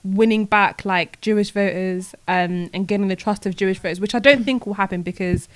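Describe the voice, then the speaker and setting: A young woman, co-hosting a casual podcast chat and talking in an animated, indignant way. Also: medium pitch. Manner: animated, indignant, talks fast with restarts. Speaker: podcast co-host.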